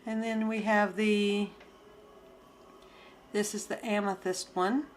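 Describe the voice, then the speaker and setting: A woman's voice: mid-range voice, flat delivery, slow pace, background noise. A woman who sells gemstones and crafts, chatting casually to her viewers as she unboxes an order and gushes over each piece. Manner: chatty, gushing, talks to viewers.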